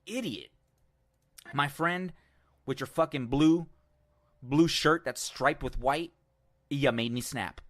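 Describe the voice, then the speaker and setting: A man's voice: a little high, slow, long pauses, fairly bright tone. A man hosting an online show and delivering heated, profane commentary on a clip he has just played. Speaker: show host. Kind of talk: ranting commentary on a video clip.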